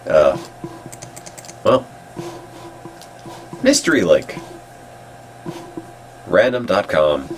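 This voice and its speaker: A congested man making dry, deadpan remarks while browsing and reading out old web pages. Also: sits low, very slow, long pauses, slight background noise.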